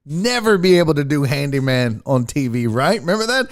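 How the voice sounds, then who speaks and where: A man hosting a sports show, casually breaking down a video clip in animated, profane commentary. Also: a little high, fairly quick.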